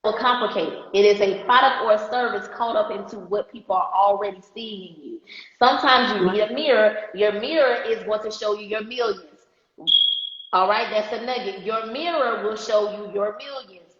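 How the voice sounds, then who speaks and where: A woman's voice: medium pitch, moderate pace. Give me an emphatic woman coaching a business class on a muffled, reverberant live stream. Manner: emphatic, repeats key points, quizzes the audience. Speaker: marketing coach. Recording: echoey dull-sounding live stream audio.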